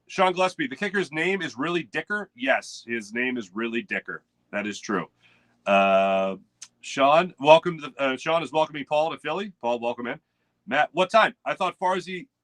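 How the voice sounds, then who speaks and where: A chatty male sports host with a bright, forceful, fairly high voice. He rambles loosely and greets viewers in the chat by name. The sound is dry and close, as from a home studio mic. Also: no echo. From United States. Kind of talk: casual live morning sports show.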